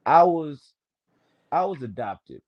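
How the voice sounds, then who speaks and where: A young Memphis man in his twenties talks casually on a stream, Southern accent thick with profane slang as he rambles through long stories. His fairly high voice is very animated yet slow, with the highs cut off and crowd noise behind him.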